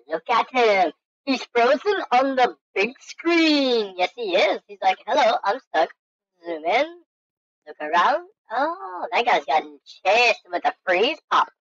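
A woman hosting a let's-play game commentary, goofy and excitable, talking to herself and making silly sound effects. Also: mid-range voice, no echo. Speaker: gaming channel host. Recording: dull lo-fi dry recording.

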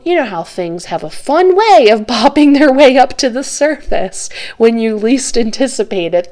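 A woman's voice: on the high side, a little mellow. A woman giving a pick-a-card tarot reading, talking straight to the viewer in an earnest, reassuring, chatty way with light laughs. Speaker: tarot reader.

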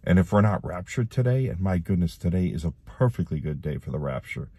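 A man's voice: low voice, animated, brisk, warm tone, slightly rough, no echo. A man preaching a gospel appeal to the camera in an urgent, pleading way that repeats itself. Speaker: online preacher.

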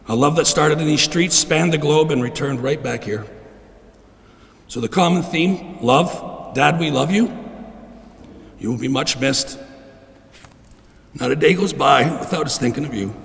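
A middle-aged man giving a heartfelt funeral eulogy for his father in a church, clearing his throat often. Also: a little high, fairly bright tone. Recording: long reverb in a church.

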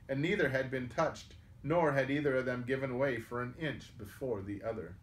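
A man reading an adventure tale aloud at a medium pitch, his voice rising and falling as he moves between narration and characters. The sound is roomy and echoey, as if recorded in a hall. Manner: lively, raises pitch and volume for characters' lines. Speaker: storyteller reading a book aloud. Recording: echoey room.

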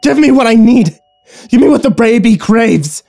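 A man voicing a frantic pregnant young wife driven by a ravenous craving, pleading and then snarling in a shrill voice. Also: lively intonation, moderate pace, darkish tone. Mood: frenzied.

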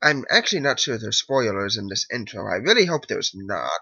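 A man's voice: fairly low pitch, very animated, fairly quick, creaky, pushed and bright, a little hiss or hum. A man hosting a let's play, giving casual, rambling commentary and correcting himself as he explains the game. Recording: lo-fi with game music behind.

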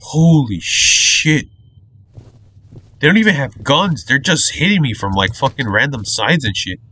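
A man's voice: medium pitch, sing-song, a little fast, sharp tone, breathy edge. A man doing let's play commentary on a horror shooter, jumpy, cursing often and muttering nervously. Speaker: gamer playing a horror shooter.

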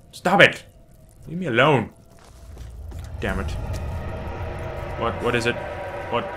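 A man's voice: mid-range voice, bright, forceful tone, a little hiss or hum. A man giving profane, jumpy let's play commentary on a horror game, scolding the objects in it. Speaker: gamer.

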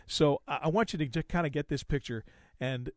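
A man hosts a car podcast and spins a long story in a folksy, lively way, voicing the people in it as he goes. His voice sits a little high, and the sound is dry and close to the mic. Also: a little fast, no room sound. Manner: folksy, animated retelling with quoted dialogue. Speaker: podcast host.

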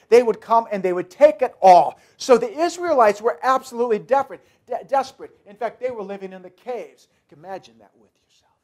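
High-voiced guy preaching, keeps repeating himself, talks right to the congregation. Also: a little mellow. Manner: emphatic, repetitive, addresses the congregation directly. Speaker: pastor. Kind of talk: sermon.

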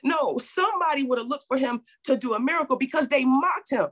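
A woman pastor with a high-pitched, fairly bright voice preaches a sermon at a brisk clip. She acts out Bible figures in quoted voices and calls out to her congregation in call-and-response style.

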